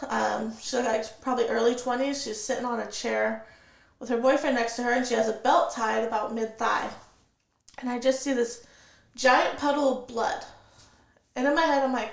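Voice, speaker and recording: A woman recounts her own experience as a guest on an interview show, steady and vivid, slipping into quoted dialogue as she goes. Her voice sits a little high and carries a gravelly fry. The recording has a roomy echo around it. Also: fairly quick. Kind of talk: personal storytelling in an interview.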